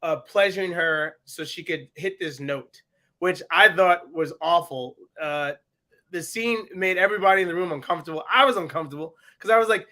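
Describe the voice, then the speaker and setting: A man co-hosting a podcast, recapping a TV episode in casual, animated chat and slipping into voices for the characters. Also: a little high, normal speed. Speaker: podcast co-host.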